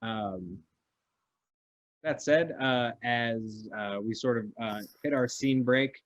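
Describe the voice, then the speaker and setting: A man running a tabletop game as game master, narrating in a relaxed way with many filler pauses. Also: mid-range voice, highs cut off.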